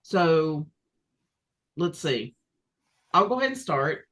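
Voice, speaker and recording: A woman co-hosting a podcast, chatting casually with her sisters, pausing often with ums. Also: low-pitched. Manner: relaxed, many ums and pauses. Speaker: podcast co-host. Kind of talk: casual chat.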